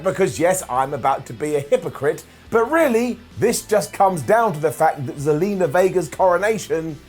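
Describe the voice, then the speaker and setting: A man giving a sarcastic, jokey recap of a wrestling show, slipping into mocking voices as he goes. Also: high voice. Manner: sarcastic, jokey, mimics people in funny voices. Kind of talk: comedic recap commentary. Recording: light background music.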